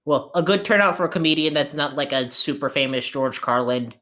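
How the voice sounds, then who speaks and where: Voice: mid-range voice, fairly quick, bright, forceful tone. Matter-of-fact tabletop player. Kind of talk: tabletop role-play.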